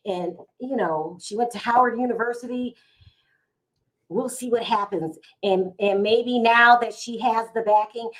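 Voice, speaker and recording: A middle-aged woman, hosting a casual live stream from home, chatty and emotional as she talks to her viewers. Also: mid-range voice. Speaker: vlog host going live.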